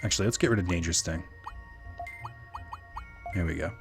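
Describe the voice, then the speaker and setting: A man's voice: low-pitched, fairly quick, creaky. A young man casually streaming a game, rambling to chat with lots of fillers. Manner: rambling, filler-heavy, relaxed. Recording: game music behind.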